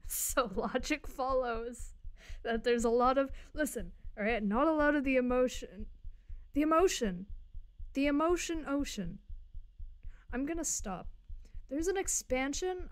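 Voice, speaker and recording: A woman's voice: sits high, a little slow. A young woman streaming a game live, chatting and swearing casually to her viewers as she plays. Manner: swearing, chatty, joking to chat.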